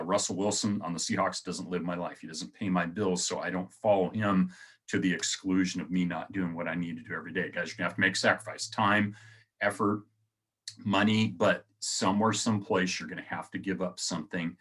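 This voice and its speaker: A man's voice: low voice, a bit bright, slightly rough. A man hosting his own motivational video, talking casually to viewers and often calling them guys. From United States. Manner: conversational, repeats phrases, addresses viewers as guys. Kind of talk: casual motivational talk to camera.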